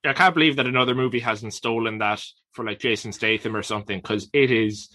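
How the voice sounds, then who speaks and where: A man co-hosting a film review podcast, talking casually with quick, chatty asides. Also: mid-range voice, bright, forceful tone. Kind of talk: casual chat.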